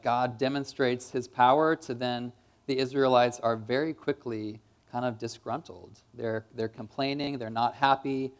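Casual-talking male preacher. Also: medium pitch. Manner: casual and conversational, many fillers like "kind of" and "like". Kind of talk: sermon.

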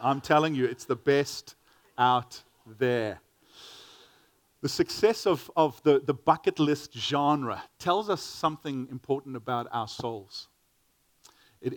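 A man's voice: fairly high pitch, no room sound. A middle-aged man preaching a sermon, earnest, often repeating words as he starts a phrase.

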